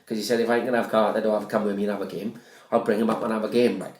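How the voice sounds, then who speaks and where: Sweary Welsh podcast host, echoey room. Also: male voice, lowish voice, flat delivery, rapid-fire, a little mellow. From Wales. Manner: swears freely, rambling storyteller. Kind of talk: casual banter.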